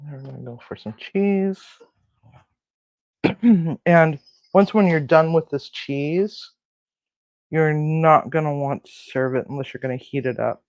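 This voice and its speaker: A man's voice: a little high, slow, long pauses, dry recording, muffled recording. A man hosting a casual cooking demonstration in a kitchen, rambling with crude jokes and lots of fillers. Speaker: cooking show host. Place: home kitchen.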